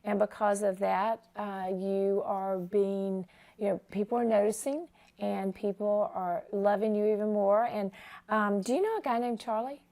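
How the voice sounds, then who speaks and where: A woman's voice: mid-range voice, steady tone, unhurried, mellow. A woman hosting a Christian talk show interview, moved to tears as she honors her guest. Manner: emotional, tearful while honoring her guest. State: tearful.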